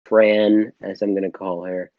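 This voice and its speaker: Low-voiced male podcast co-host, rambling casual film chat, dull dry lo-fi sound. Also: level tone, a little slow, no echo. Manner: rambling, loose, swears casually.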